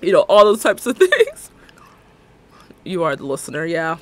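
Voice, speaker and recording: A woman's voice: fairly low pitch, huge pitch swings, normal speed, slight background noise. A woman live-streaming a game, chatting casually and rambling, laughing often as she talks. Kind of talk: casual live-stream chat while playing.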